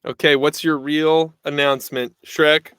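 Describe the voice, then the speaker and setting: A man's voice: on the high side, level tone, unhurried, fairly bright tone, clear, resonant tone, no room sound, studio quality. A man hosting a comedy stream, giving playful mock fashion-show commentary in a sing-song announcer manner. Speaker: host.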